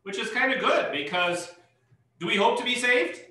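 A man's voice: very high-pitched, lively intonation, normal speed, pushed and bright. A man pastor leading a Bible study, explaining verses patiently and lifting his voice on key points. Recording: echoey room, mic far off.

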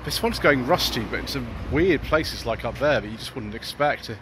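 A man's voice: medium pitch, lively intonation, moderate pace. A British man hosting a car channel, chatting enthusiastically to viewers as he walks along the street spotting cars. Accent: British English. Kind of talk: walking car-spotting vlog. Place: outdoors on town streets. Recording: outdoor street noise.

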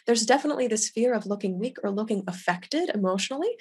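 A young adult woman hosting a webinar on loss, speaking gently and with validation as she reads out chat comments over a video call. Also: a little high, lively intonation, fast, few pauses, breathy edge. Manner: gentle and validating, quotes others' words aloud. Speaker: grief educator hosting a webinar.

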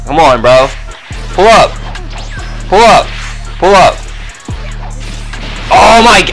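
Brash, high-voiced trash-talking young man. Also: animated, takes it slowly, creaky, long pauses, over music. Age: young adult. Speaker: gaming video host. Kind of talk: live gameplay commentary.

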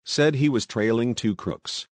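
A man voices Julius, a brash, excitable young American who talks in slang, rushing through a story talkatively. His medium-pitched voice sounds close to everyday speech, with no room sound.

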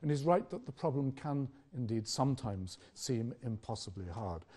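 An older man with a British accent giving an academic public lecture, measured and questioning, with rhetorical pauses. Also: mid-range voice, animated, mellow, husky.

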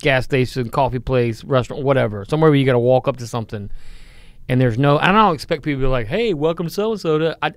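A man's voice: medium pitch, quick pace, clean tone, no echo, clean studio sound. A man co-hosting a podcast in playful, teasing casual chat, laughing often. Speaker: podcast co-host.

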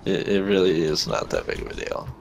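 A man in casual gaming banter with a dry, monotone way of talking. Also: sits low, brisk, vocal fry, slight background noise. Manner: dry, says he speaks in a monotone.

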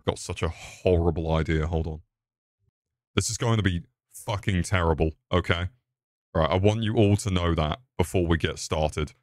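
A British man streaming a horror game, swearing and yelling at his chat in exclamatory bursts. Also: sits low, moderate pace, no room sound, studio quality. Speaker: gaming streamer. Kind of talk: live gameplay commentary.

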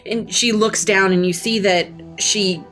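A woman's voice: mid-range voice, fairly even intonation, unhurried, fairly bright tone, faint music behind. A woman narrating as game master in a tabletop role-playing game.

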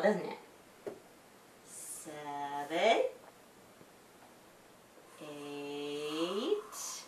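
A woman librarian reading a story to children in a lively sing-song way. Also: mid-range voice, a little hiss or hum. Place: library room. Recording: echoey room, mic at a distance.

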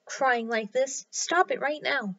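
A woman's voice: high-pitched, animated, takes it slowly, fairly bright tone, dry recording, full character voice. A woman voicing a curious young girl who is easily upset, in a storybook reading. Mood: scolding. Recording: slightly dull lo-fi sound.

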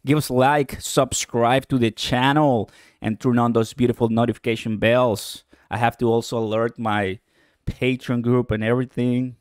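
Excitable man hosting a crypto live stream. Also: medium pitch, no echo, clean studio sound. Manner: excitable, laughs often, chatty asides to viewers. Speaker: crypto livestream host. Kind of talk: casual live-stream market commentary. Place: at home, early morning.

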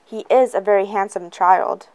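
A woman voicing an old woman folk healer who speaks with calm confidence. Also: mid-range voice, moderate pace, close to an everyday voice, rough recording. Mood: confident. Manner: confident, soothing.

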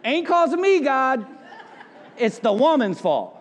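A man's voice: very high-pitched, sing-song, slow, big-room sound, a faint crowd, voice pushed up, full character voice. A man voicing a complaining first man who blames everyone but himself, in a sermon retelling. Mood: whiny. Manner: complaining, excuse-making. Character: whiny blame-shifting first man, adult male.

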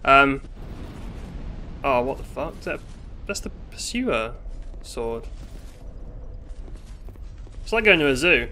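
British guy doing a let's play, swears a lot, bright punchy voice, faint noise behind. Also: medium pitch, expressive, takes it slowly, long pauses. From Britain. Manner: swearing, exasperated running commentary with sudden outbursts. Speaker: gaming YouTuber.

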